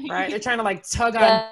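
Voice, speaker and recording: Stand-up comic, woman in her forties, fairly high voice, sarcastic and animated, laughs at her own bits. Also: normal speed, over a noisy crowd. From United States. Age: 40s. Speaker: stand-up comedian. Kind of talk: stand-up comedy set.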